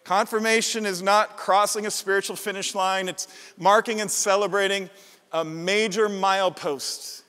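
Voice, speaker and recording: Middle-aged male pastor, high voice, passionate repetitive preaching, big echoing sanctuary. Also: steady tone, normal speed, a bit bright. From Midwestern United States. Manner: passionate, emphatic preaching with repeated phrases. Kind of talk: sermon. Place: large church sanctuary. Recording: long church-hall reverb.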